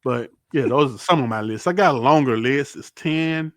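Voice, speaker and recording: Podcast host, male, playful list-giver with mock-serious verdicts, mid-pitch, dry close sound. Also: moderate pace, dry recording. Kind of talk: casual chat.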